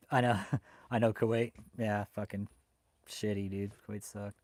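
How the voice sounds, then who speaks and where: A man's voice: on the low side, level tone, slow, dry recording. Man ranting and swearing on a livestream. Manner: heated and swearing, with loud outbursts. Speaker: livestream host reading chat. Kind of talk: profane ranting live commentary.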